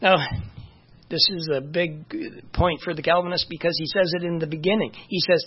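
A Bible teacher talks through scripture in a loose, conversational way, often leaning on "you know" and stopping to find the right verse. The voice is husky and a little breathy. It comes through a dull, lo-fi recording. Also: mid-range voice, steady tone, normal speed. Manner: informal, many "you know" fillers, stops to check verses.

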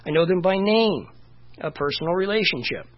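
A man's voice: high voice, lively intonation, a little fast, highs cut off. A man preaching a sermon in a conversational way, often saying "you know" and restarting his phrases. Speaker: pastor.

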